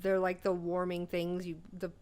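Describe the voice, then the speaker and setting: A young woman co-hosting a podcast, telling stories in casual chat, swearing freely and breaking into loud laughter between lines. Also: on the low side, monotone, normal speed, clean tone. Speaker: podcast co-host.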